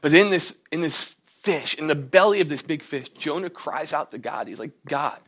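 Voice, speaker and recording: A young male pastor gives a relaxed, conversational sermon with a slightly higher voice. He slips into the characters' voices as he retells the story. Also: normal speed. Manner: casual storytelling sermon, acts out characters' lines.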